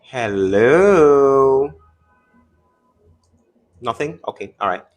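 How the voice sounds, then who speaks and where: A male host running a combative live-stream debate. He talks at a rapid clip in a mid-range voice, cutting callers off and mocking them. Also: medium pitch, a bit bright, faint music behind. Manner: mocking, interrupting, taunting callers.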